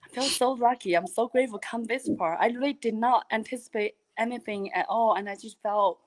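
A woman, a guest on a live video interview, telling stories in an animated, earnest way with many restarts. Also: on the high side, brisk. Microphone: video call.

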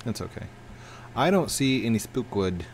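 A man hosting a playful Roblox let's play, goofy and excitable, chatting to viewers and jumping way up in pitch when things go wrong. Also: normal speed, slight background noise. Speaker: gaming channel host.

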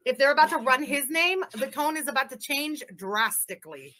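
A woman's voice: high-pitched, lively intonation, moderate pace, pushed and bright. A woman with a Montreal Anglophone accent giving blunt, profane live commentary on a stream she is watching. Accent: Montreal Anglophone, west side. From Montreal, Quebec. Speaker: streamer reacting to a livestream. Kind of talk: casual commentary.

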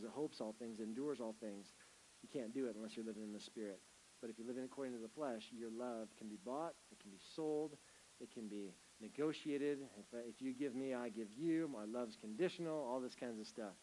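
A man preaching a sermon at an ordinary pitch, his emphatic delivery climbing loud on key words and falling back to a hush. A faint hiss sits under the recording. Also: low-quality recording. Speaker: pastor.

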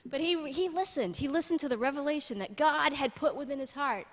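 A woman's voice: high voice, fairly quick. Woman pastor preaching in an echoey church. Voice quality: blind, jokes about herself. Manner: lively, humorous preaching with asides to the congregation. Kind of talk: sermon.

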